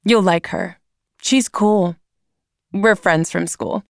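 A woman's voice: medium pitch, slow pace, creaky, no room sound, studio quality. A woman reading aloud, voicing a blunt, defiant teenage girl.

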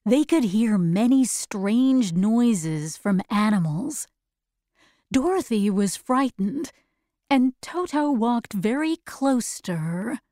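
A woman reading a storybook aloud, clear and expressive. Her voice is high and moves up and down a lot, and she takes her time. The recording is close and dry. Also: no echo. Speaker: narrator. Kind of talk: scripted storybook narration.

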